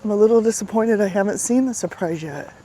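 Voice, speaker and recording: A woman's voice: medium pitch, fast talker, dark tone, slight background noise. A woman hosting a casual vlog outdoors on a riverside path. She talks to the camera while walking, a little out of breath, and often checks in with "right?". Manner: chatty, repeats itself, asks "right?". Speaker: fitness coach and vlog host. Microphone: handheld camera while walking.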